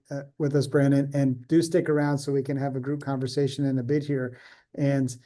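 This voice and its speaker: A man's voice: on the high side, dark tone. A man hosting a panel discussion, introducing guests and asking questions in an upbeat, encouraging way. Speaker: host.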